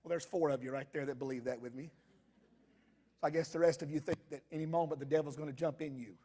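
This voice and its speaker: A male pastor, preaching an impassioned sermon that builds to shouted crescendos. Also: a little high, steady tone, quick pace.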